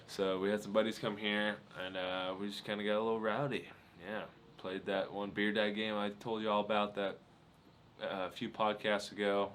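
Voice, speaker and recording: A man's voice: deep voice, fairly bright tone, slight background noise. A young man in his twenties hosting a solo podcast, rambling through casual stories with lots of fillers and laughs. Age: 20s. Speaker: podcast host.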